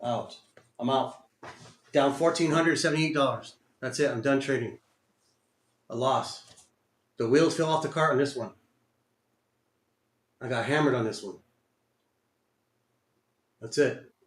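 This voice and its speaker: A man's voice: medium pitch, unhurried, long pauses. A man giving live commentary on his own day trades, muttering, cursing and repeating himself in frustration. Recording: roomy echo.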